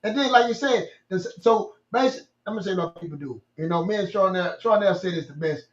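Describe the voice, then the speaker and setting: A man's voice: sits high, a little fast, echoey room, highs cut off, slight background noise. A man co-hosting a casual motivational faith talk, emphatic and preachy, telling stories with repeated phrases.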